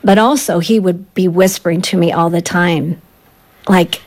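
A woman's voice: lowish voice, steady tone, a little slow, a little mellow. A woman in her forties, a guest on a radio show, speaking earnestly and confessionally about her past. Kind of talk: candid personal testimony.

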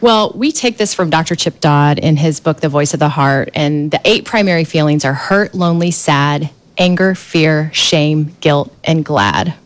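A woman guest on a talk show, animated and explanatory, chiming in often. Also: low voice, measured pace, few pauses. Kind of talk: conversational interview.

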